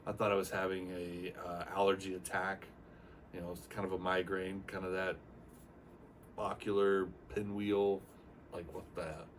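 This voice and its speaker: An older man with a low voice tells his story in a casual, rambling way, acting out bits of dialogue as he goes. The mic sits some way off. A faint hum of room noise runs behind him. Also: normal speed, distant mic. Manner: rambling, animated retelling with acted-out quotes. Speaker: retired Navy aircrewman giving a testimonial.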